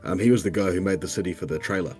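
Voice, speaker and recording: A man co-hosting a livestream, easygoing and quick to laugh in casual chat. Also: sits low, darkish tone, faint music behind. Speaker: co-host.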